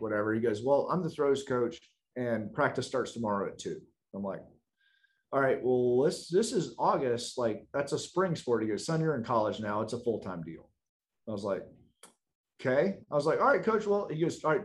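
Casual male storyteller, lower voice, animated, laughs easily, plays out every character in his anecdote. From South Carolina, US. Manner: animated, laughs often, acts out quoted lines. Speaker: guest telling a story.

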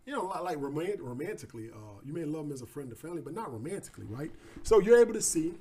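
A man's voice: on the high side, very animated, racing, dark tone. A man teaching about trading through a story, in a casual, slangy, repetitive way. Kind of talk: storytelling lesson.

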